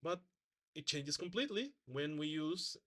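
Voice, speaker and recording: A man with a slightly high voice talks through a spoken exam presentation as a student. He is hesitant, often restarting and correcting himself, and he demonstrates sounds by saying example words aloud. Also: lively intonation, normal speed, fairly bright tone.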